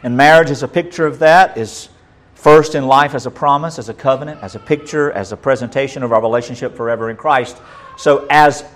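A man's voice: medium pitch, fairly quick. Man preaching a sermon. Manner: dynamic preaching, swinging between loud and soft. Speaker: pastor.

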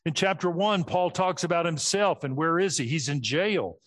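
A middle-aged man preaching an expository sermon, laying out his points in a clear teaching manner and dropping low at the ends of phrases. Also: normal speed, a bit bright. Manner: structured, teaching, drops pitch at phrase ends.

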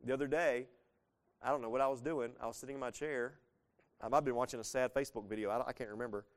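A man in his thirties preaches through a passage in an easy, conversational way. His voice is smooth and resonant, sitting at an ordinary middle pitch. He talks casually but earnestly, rising into sudden bursts of emphasis. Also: steady tone, fast. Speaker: pastor. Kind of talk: conversational verse-by-verse sermon.

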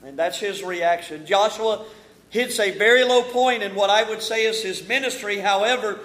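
A male pastor preaching an evening sermon in a church, folksy in his talk and slow and emphatic when he reads scripture. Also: high-pitched, a bit bright. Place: church sanctuary. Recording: roomy church echo.

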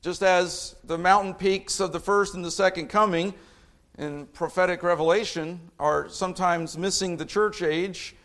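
A middle-aged man preaching a sermon, impassioned, swinging from low reading to fired-up outbursts. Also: steady tone, normal speed, a bit bright.

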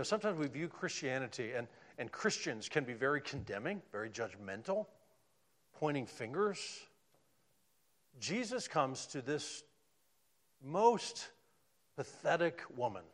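A man preaching a sermon, swinging from loud emphatic lines down to hushed, almost whispered ones. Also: medium pitch, big pitch swings, unhurried, long pauses.

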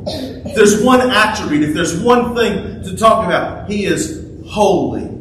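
A man preaching a sermon, slow and deliberate, stressing words through repetition. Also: sits high, animated, fairly bright tone. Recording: echoey room, speaker far from mic, faint noise.

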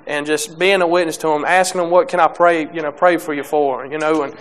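A young man preaching a sermon, halting with many restarts and fillers, reading scripture and speaking plainly about faith. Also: fairly high pitch, steady tone.

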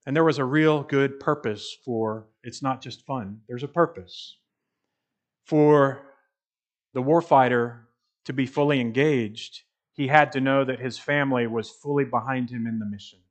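Male pastor, mid-pitched voice, emphatic sermon delivery with steady build. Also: muffled recording. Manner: emphatic preaching with rising intensity and measured repetition.

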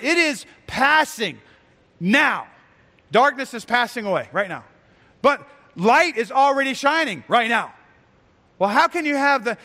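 Male pastor, sermon delivery, very high and bright tone, earnest, recorded in a reverberant sanctuary. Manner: earnest, repeats words and restarts phrases. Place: church.

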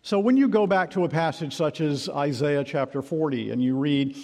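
Man, preacher, expository sermon, emphatic, measured, slightly high voice, long hall echo. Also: warm tone.

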